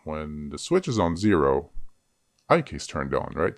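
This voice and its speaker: A man's voice: very deep voice, sing-song, a little slow, no echo, studio quality. A man teaching 3D character rigging in a screen-recorded tutorial, chatty and joking at himself as he works. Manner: chatty, self-joking asides. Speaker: 3D rigging instructor.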